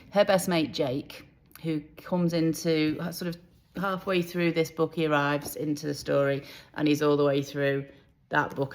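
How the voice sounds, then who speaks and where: A woman author talking casually to camera about books and TV casting, in a chatty, rambling way. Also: low-pitched. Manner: chatty, rambling, self-deprecating. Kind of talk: casual vlog chat.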